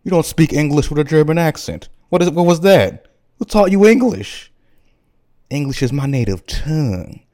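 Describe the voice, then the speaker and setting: A man's voice: medium pitch, expressive, moderate pace, warm tone, voice pushed up, natural voice. A man voicing a brash, street-talking comic dictator with loose slangy delivery. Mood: boastful.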